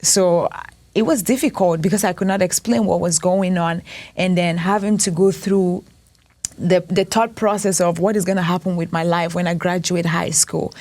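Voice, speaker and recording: A woman in her thirties from Cameroon, sharing a personal story as an interview guest in an earnest, reflective, unhurried way. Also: lowish voice, steady tone, darkish tone. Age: 30s. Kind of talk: personal testimony.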